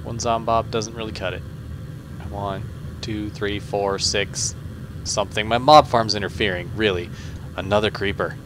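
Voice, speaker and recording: Low-pitched male gamer, rambling let's play talk, faint hiss behind. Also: steady tone, moderate pace. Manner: chatty, self-deprecating, talks to himself while playing; muttered asides and stumbling restarts. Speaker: gaming channel host.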